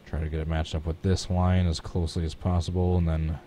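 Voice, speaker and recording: This man's voice is low-pitched, warm and level in tone, moving a little fast over slight background noise. During his live stream he talks himself through every stage of painting a race truck on his computer, casual and self-deprecating.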